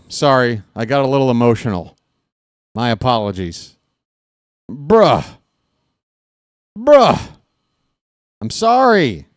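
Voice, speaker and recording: Man, fan baseball play-by-play, casual, jokey, partisan, mid pitch, dry close sound. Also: dry recording. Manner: chatty, joking, openly partisan.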